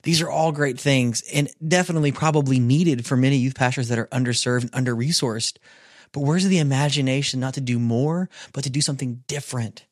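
A man narrating a podcast in a measured, earnest scripted style on a close mic. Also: medium pitch, a little mellow, no room sound. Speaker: podcast host.

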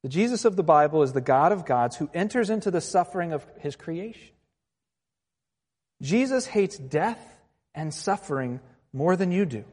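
Pastor preaching in a reverberant hall. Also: male voice, a little high, animated, moderate pace, slightly rough. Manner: earnest, mixes quieter reflective lines with raised passages. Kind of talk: sermon.

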